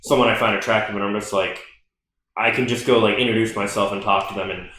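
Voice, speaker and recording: A man's voice: lowish voice, fairly even intonation, quick pace, sharp tone, slight background noise. A young man co-hosting a podcast, chatting loosely and joking, with many filler likes. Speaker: podcast co-host. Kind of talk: casual chat. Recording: very echoey room.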